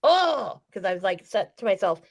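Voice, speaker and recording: A woman's voice: mid-range voice, lively intonation, moderate pace. A woman in casual podcast chat, telling a story with profanity and acting out the quotes. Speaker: wrestling podcast co-host.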